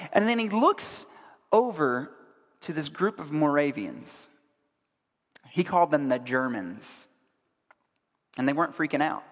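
Male pastor, casual storytelling sermon, voice a bit high, long hall reverb. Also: a bit bright. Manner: conversational storytelling, asks the audience questions.

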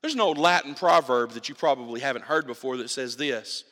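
A man's voice: mid-range voice, brisk, few pauses. A man preaching a sermon as pastor, emphatic and repeating himself as he builds his points. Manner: animated, emphatic preaching with repetitions and restarts. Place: church sanctuary. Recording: reverberant church hall.

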